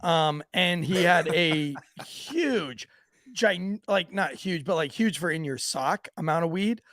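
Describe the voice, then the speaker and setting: A man's voice: a little high, lively intonation, takes it slowly, a bit bright, no echo, clean studio sound. A man hosting a podcast, telling profane, laughing stories from police work and acting out the people in them. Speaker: podcast host, police officer. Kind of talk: casual storytelling banter.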